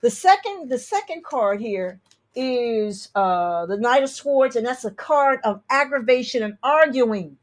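A woman's voice: on the high side, animated, unhurried. A woman astrologer hosting a show, reading listener emails and giving blunt, sassy advice with emphatic repeats. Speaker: astrologer and tarot reader host.

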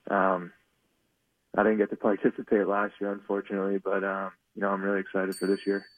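Man, hockey player guest, hesitant, flat low voice, phone-line sound. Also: fairly quick, no room sound. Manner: hesitant, filler-heavy answers. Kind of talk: phone-in radio interview. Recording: phone-line call into a studio.

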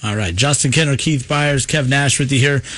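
A man hosting a sports radio show, moving briskly between segments in an upbeat, announcer-like way. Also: medium pitch, fairly bright tone. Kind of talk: radio host segue.

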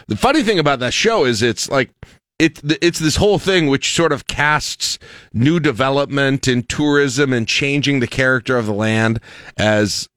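A man hosts a casual chat show and tells stories in a loose, rambling way, often breaking off and restarting his sentences. His voice sits at an ordinary middle pitch. The sound is close and dry, with no room around it. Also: a bit bright, dry recording. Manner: rambling, self-interrupting storyteller with frequent restarts.

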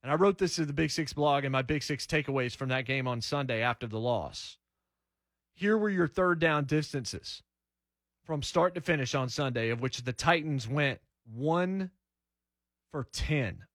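A man's voice: medium pitch, normal speed, a bit bright, no room sound, studio quality. Blunt sports radio host, man. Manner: blunt, emphatic, rhetorical questions. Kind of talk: opinionated sports talk radio monologue.

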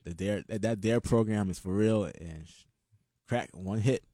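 A man's voice: on the low side, moderate pace, mellow, no echo, studio quality. A man hosting a casual chat, prodding his guest with questions and laughing along. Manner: reacts and prods with questions, laughs a lot. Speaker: host.

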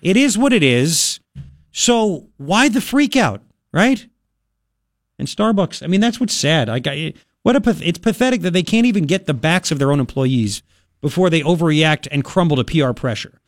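Animated, high-voiced male radio host. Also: normal speed, dry recording, studio quality. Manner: blunt, exasperated, ranting. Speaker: radio talk show host. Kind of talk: talk radio commentary. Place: radio studio.

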